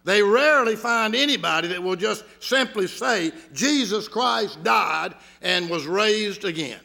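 A man's voice: high-pitched, expressive, unhurried, pushed and bright. A man with a Georgia Southern accent, a pastor preaching a sermon with folksy, humorous stories. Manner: folksy storytelling, gravelly voice.

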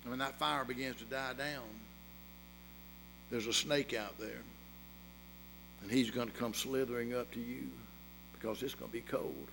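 A man's voice: medium pitch, normal speed, gravelly, long pauses, fairly bright tone, slight background noise, pitched below the performer's own voice, rough recording. A man voicing a shepherd father in a sermon story, giving his son an earnest warning. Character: stern caring shepherd father.

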